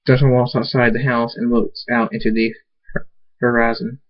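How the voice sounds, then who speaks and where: A man's voice: mid-range voice, little pitch movement, normal speed. Man reading a story, muffled lo-fi sound. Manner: plain, stumbles and restarts words. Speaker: reader. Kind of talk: reading fan fiction aloud. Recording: dull lo-fi recording.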